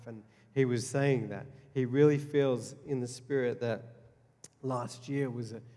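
A man's voice: medium pitch, dark tone. A man preaching a sermon as pastor, earnest and repeating his key lines, stumbling and restarting often. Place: church hall. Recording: long reverb of a church hall.

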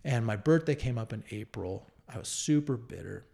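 A man's voice: medium pitch, animated, moderate pace, gravelly, mellow. Earnest man in his thirties. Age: 30s. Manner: earnest, reflective, with fillers and restarts. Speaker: guest telling his story. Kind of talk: candid personal testimony.

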